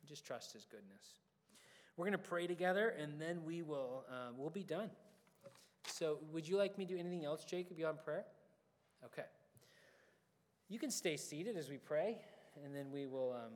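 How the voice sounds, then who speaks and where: A man preaching a sermon as a pastor, telling a personal story in an animated way and acting out the dialogue. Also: a little high, normal speed, long pauses. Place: church sanctuary. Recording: long hall reverb.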